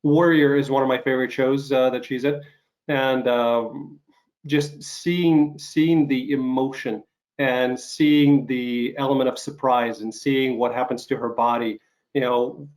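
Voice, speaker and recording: A man's voice: mid-range voice, fairly even intonation, measured pace, a little mellow. A man hosting an interview over a video call while getting over covid, talking in loose rambling sentences full of fillers and restarts. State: recovering from covid, some coughing. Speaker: podcast host. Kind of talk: casual interview chat.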